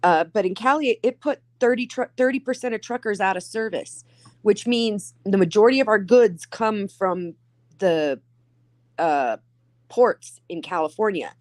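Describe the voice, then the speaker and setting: A woman's voice: medium pitch, animated, unhurried, no echo. Middle-aged woman, earnest explainer in casual chat; dry, close sound. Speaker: guest in a chat.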